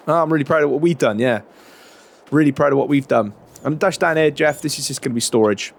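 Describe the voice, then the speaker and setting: A man's voice: fairly high pitch, fast, creaky. A middle-aged man chatting casually as a farmer character in a roleplay game, with a lot of fillers and plenty of "mate" and "proper chuffed".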